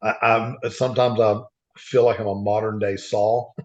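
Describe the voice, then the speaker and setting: A man's voice: on the low side, flat delivery, normal speed, darkish tone. Earnest rambling man, muffled sound. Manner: earnest, rambling, with frequent restarts. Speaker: podcast guest. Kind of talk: casual storytelling. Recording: dull lo-fi sound.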